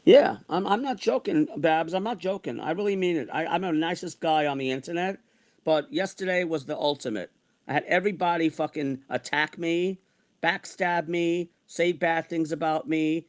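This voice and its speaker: A man's voice: fairly high pitch, moderate pace. A man in his sixties ranting in a repetitive, exasperated way as he vents in an online monologue. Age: 60s. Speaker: online streamer.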